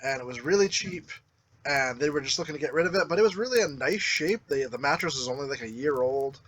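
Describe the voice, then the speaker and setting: A man's voice: medium pitch, lively intonation, fast, a bit bright, slight background noise. A man co-hosting a podcast, telling laid-back anecdotes in casual chat and laughing between lines. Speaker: podcast co-host.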